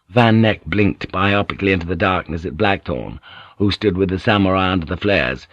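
A man narrating an audiobook in a measured, descriptive reading. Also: sits low, no room sound. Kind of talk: scripted narration.

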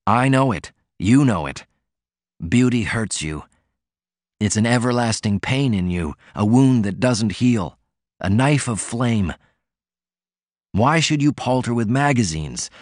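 A male reader gives voice to a sickly, sardonic poet who pours scorn on critics and magazines. His lines come out as passionate, declaiming rants, even in pitch and set in a dry, close sound. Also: dry recording, natural voice.

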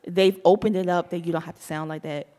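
A woman's voice: lowish voice, quick pace. Young Southern woman with a slight lisp. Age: young adult. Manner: animated, laughs often, slangy. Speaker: podcast host. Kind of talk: casual podcast chat.

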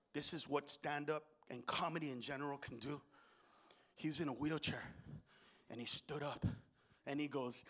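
A man doing a stand-up comedy routine on stage into a handheld mic, profane and swinging between shouted bursts and low, confiding stretches.

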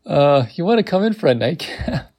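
A man's voice: on the high side, sing-song, moderate pace, darkish tone, pitched above the performer's own voice. A man reading an awkward young romantic. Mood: mock-dramatic. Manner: mock-dramatic, earnest.

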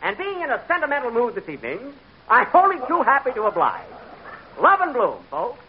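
A man's voice: extremely high pitch, huge pitch swings, a little fast, a little hiss or hum. A man hosting a 1940s radio comedy, making dry, self-mocking asides. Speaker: comedian host. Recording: dull old radio broadcast with live audience.

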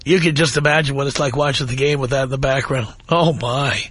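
A man's voice: mid-range voice, steady tone, a little fast, a bit bright, husky. A man hosting a call-in radio talk show, answering callers with wry, exasperated quips. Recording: radio broadcast.

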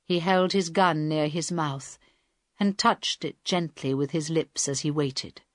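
A woman reading a story aloud as an audiobook narrator, in a deliberate, even storytelling manner. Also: low voice, no echo, studio quality. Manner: slow, deliberate reading with quiet voiced dialogue. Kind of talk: scripted narration.

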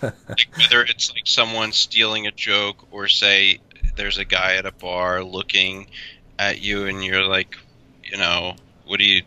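Bright, crisp-voiced man asking questions. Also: deep voice, level tone, unhurried, low-quality recording. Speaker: podcast host. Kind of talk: interview questions.

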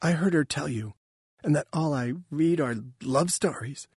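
A man voicing an anxious female alien with fur and a pouch, raising his voice slightly and speaking softly and hesitantly. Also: a little high, normal speed, breathy edge, no room sound, studio quality, voice pushed up. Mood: hurt. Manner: worried, hesitant, soft-spoken.

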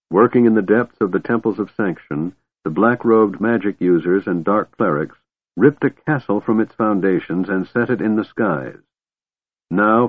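A man narrating a fantasy audiobook in a measured, dramatic way, in a tinny recording. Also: on the low side, dry recording.

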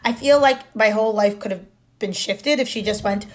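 A woman's voice: medium pitch, brisk. A woman co-hosting a podcast, telling stories in casual chat and acting out voices. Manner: animated storyteller, acts out voices. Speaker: podcast co-host.

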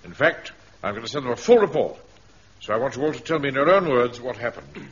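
An actor playing a pompous, officious middle-aged captain in a radio comedy. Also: male voice, mid-range voice, animated, quick pace, a little hiss or hum, close to an everyday voice. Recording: dull archive radio recording.

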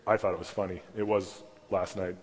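Husky low-voiced man preaching in a hall. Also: flat delivery, fairly quick. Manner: conversational, with frequent fillers and asides. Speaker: pastor. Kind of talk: sermon. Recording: long hall reverb.

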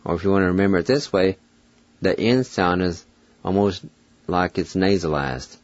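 A man's voice: deep voice, normal speed, no echo, highs cut off. A man hosting a scripted radio language lesson, patiently spelling out letters and repeating each word. He is recorded on a close studio microphone.

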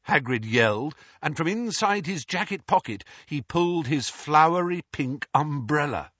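A man narrating an audiobook in a dramatic, expressive reading. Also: on the high side, moderate pace, hardly any pauses, husky, dry recording, dull audio.

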